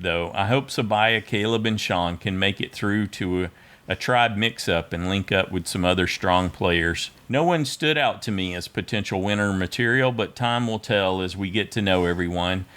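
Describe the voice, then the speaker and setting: A man hosting a fan podcast, reading listener feedback aloud in a measured, friendly way. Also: lowish voice, fairly bright tone. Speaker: podcast host.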